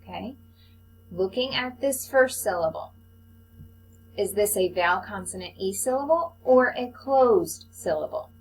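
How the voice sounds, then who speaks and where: Brief: woman, teacher voice, unhurried and encouraging, faint hum behind. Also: medium pitch, animated, poor audio. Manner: slow, patient, encouraging teacher talk to young children. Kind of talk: recorded online phonics lesson.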